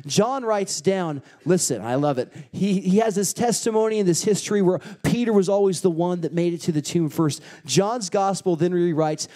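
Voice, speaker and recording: A pastor preaching a sermon with animated storytelling and rousing emphasis. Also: male voice, high-pitched, moderate pace, few pauses. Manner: animated storytelling, acting out quotes.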